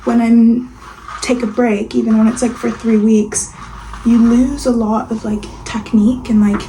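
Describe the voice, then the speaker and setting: Speaking at a measured pace with a flat delivery, the young woman's fairly high voice stays soft and now and then drops almost to a whisper. She's a vlogger chatting casually at home, in the kitchen and getting ready, with lots of fillers. The audio is poor, with slight background noise and room ambience behind her.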